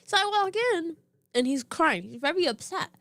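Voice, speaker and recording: A young woman chatting on a podcast, her pitch rising and falling in animated swings as she jumps into quoted voices. Her voice sits a little high and comes across dry and close, with no room sound. She laughs easily as she tells the story. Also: normal speed, creaky, no room sound. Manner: laughs often. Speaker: podcast co-host. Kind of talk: casual storytelling chat.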